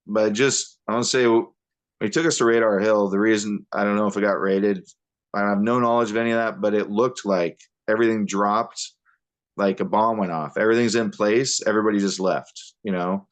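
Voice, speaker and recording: Low-voiced man telling his story haltingly. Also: steady tone. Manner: halting, many fillers and restarts. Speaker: podcast guest. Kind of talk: personal storytelling.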